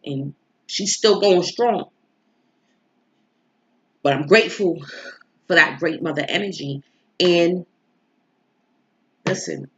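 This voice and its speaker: A woman's voice: lowish voice, a bit bright, slight background noise. A woman tarot reader telling viewers a personal story in a casual, candid, emotional way, swearing freely. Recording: slightly dull lo-fi recording.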